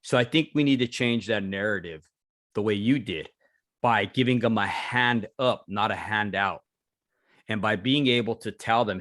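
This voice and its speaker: A man's voice: fairly low pitch, moderate pace, a bit bright, no echo, clean studio sound. A man hosting a podcast, affirming and reflective as he responds to his guest. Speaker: podcast host. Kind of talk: podcast interview.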